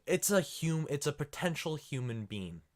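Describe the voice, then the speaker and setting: A man's voice: on the high side, very animated, moderate pace. A young man co-hosting a podcast in casual chat, chiming in with quips and opinions. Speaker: podcast co-host.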